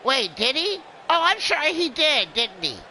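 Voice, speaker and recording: A man's voice: very high voice, big pitch swings, normal speed, sharp tone, slight background noise, rough recording. Guy streamer doing goofy drunk-clown play-by-play, bouncy voice all over the place. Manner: rambling and jokey, playing a drunken clown persona. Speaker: streamer and wrestling commentator. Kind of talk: excitable play-by-play game commentary.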